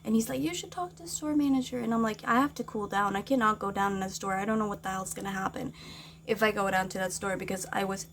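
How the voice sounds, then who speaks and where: A woman's voice: mid-range voice, steady tone, fast talker, a bit bright, slight background noise. Agitated woman ranting. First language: Norwegian. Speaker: vlogger. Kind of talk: casual venting vlog.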